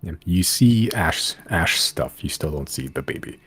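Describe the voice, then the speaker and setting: A man narrating a tabletop game as game master, describing scenes in a halting way with many fillers. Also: deep voice, lively intonation, fairly bright tone, slightly rough, no room sound, soft background music.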